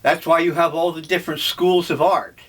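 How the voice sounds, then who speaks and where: An older man talking over breakfast in a slow, musing, rambling monologue. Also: a little high, steady tone, fairly bright tone. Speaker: vlogger.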